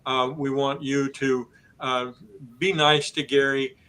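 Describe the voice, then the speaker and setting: A man hosting a business podcast, explaining the steps of a business purchase in a steady, methodical way. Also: medium pitch, slow pace, clear, resonant tone, low-quality recording. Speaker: host.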